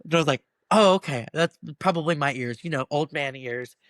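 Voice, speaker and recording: A man's voice: a little high, fairly quick, no echo. A young man in his twenties, a first-year middle school band teacher, telling stories in a casual interview and acting out the voices he quotes. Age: 20s. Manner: animated storyteller who acts out quoted voices.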